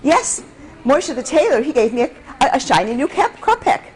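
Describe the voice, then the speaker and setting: A woman's voice: high voice, very animated, moderate pace, low-quality recording. A woman doing a stammering, eager village lad. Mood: flustered. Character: simple-hearted young village lad.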